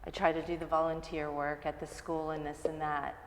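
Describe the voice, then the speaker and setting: Earnest, lower-voiced woman guest. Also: a little fast, in a large hall, a little hiss or hum. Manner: earnest, animated when telling stories. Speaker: interview guest, mother. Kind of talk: casual interview chat.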